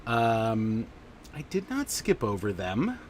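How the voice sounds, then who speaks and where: A man's voice: fairly low pitch, huge pitch swings, slow, slight background noise. A man hosting a casual livestream chat, rambling along with lots of fillers. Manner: rambling and chatty, many fillers. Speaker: podcast host.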